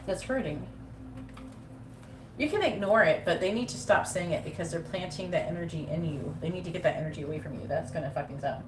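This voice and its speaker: A woman's voice: on the low side, fast, hardly any pauses, background noise. A woman giving a live-streamed tarot reading, talking bluntly and swearing freely. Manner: blunt, swears freely, mimics nagging voices. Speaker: psychic reader. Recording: echoey room with faint ambience.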